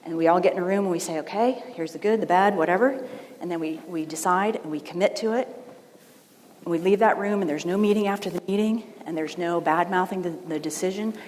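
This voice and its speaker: A woman's voice: lowish voice, fairly even intonation, fast, darkish tone. A woman giving a conversational conference keynote, telling stories and often checking in with "right?". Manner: conversational, storytelling, frequent "right?" asides. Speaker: keynote speaker. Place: large event hall. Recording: long hall reverb, faint ambience.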